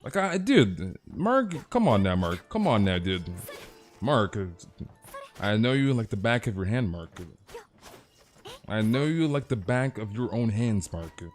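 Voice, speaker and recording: A man's voice: fairly low pitch, very animated, measured pace. A man streaming a game live, chatting casually with playful, teasing banter and calling viewers dude.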